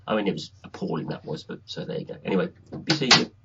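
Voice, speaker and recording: A man co-hosting a podcast, reviewing an episode in a rambling, halting way. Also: sits low, lively intonation, highs cut off, very noisy. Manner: rambling, halting, restarts a lot. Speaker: podcast co-host. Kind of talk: casual review chat.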